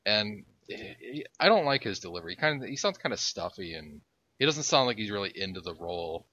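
A man's voice: lowish voice, sing-song, a little fast, pushed and bright, dry recording. A man co-hosting a podcast in casual chat, blunt and telling stories. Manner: blunt, storytelling. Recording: dull lo-fi podcast audio.

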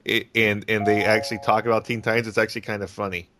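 A man's voice: fairly low pitch, flat delivery, quick pace, sharp tone. A man co-hosting a casual podcast, rambling with many stammering restarts and frequent laughter. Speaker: podcast co-host.

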